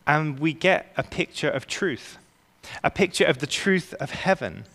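A man preaching a sermon as pastor, earnest and emphatic, slowing down to stress key words. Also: fairly high pitch, animated, fairly bright tone. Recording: long reverb of a large hall.

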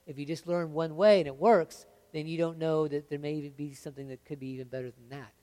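A man's voice: a little high, fast. Conversational man preaching a sermon. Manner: conversational, frequent "right?" and "okay?" check-ins; animated, swings between lively emphasis and quiet earnest delivery. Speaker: pastor.

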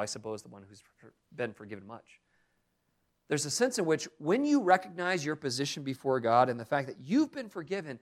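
A man's voice: fairly high pitch, a little mellow. A young adult man preaching a sermon as pastor, speaking earnestly and expressively with strong emphasis.

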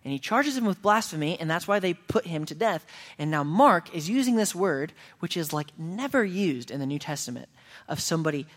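A man's voice: fairly high pitch, animated, brisk. A man preaching a sermon as pastor, earnest, raising his voice for emphatic quoted lines. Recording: long reverb of a hall.

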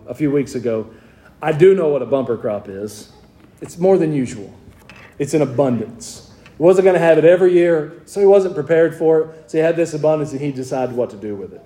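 A man's voice: on the high side, expressive, fairly quick, dark tone. A man with a Southern US accent preaching a sermon in a conversational way, asking his congregation rhetorical questions. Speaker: pastor.

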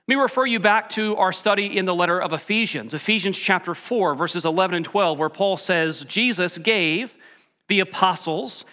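A man preaching a sermon as pastor, slowing down to stress key phrases. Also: high voice, sharp tone.

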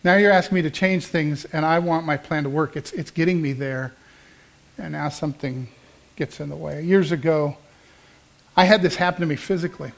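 A middle-aged man preaching from the pulpit, with a voice that sits a little high for a man. He tells his sermon as a personal story and slips into the voices of the people he quotes. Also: normal speed, gravelly. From American Midwest. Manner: storytelling, acts out quoted dialogue, conversational. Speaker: pastor.

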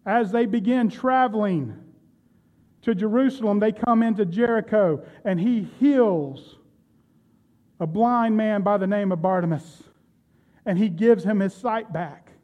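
A man's voice: high voice, a little slow, dark tone, lo-fi sound. A man preaching a sermon, retelling Bible stories and speaking directly to his congregation. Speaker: pastor.

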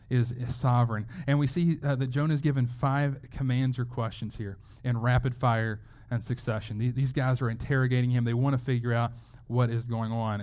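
Man, sermon, conversational preaching, repeated words, medium pitch. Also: darkish tone. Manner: conversational, with frequent word repeats. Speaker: pastor.

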